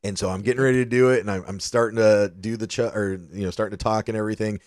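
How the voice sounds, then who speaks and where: A man co-hosts a casual podcast, rambling through travel stories with lots of fillers and a few curse words. His voice sits on the low side, and the recording is dry and close with no room sound. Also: fairly even intonation, fast talker, darkish tone, no room sound. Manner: loose storytelling, swears freely, lots of fillers. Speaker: podcast co-host. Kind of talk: casual chat.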